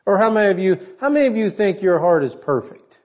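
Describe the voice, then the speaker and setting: A man's voice: sits high, big pitch swings, fast, highs cut off. A man preaching a sermon in a conversational way, asking his congregation questions. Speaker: pastor.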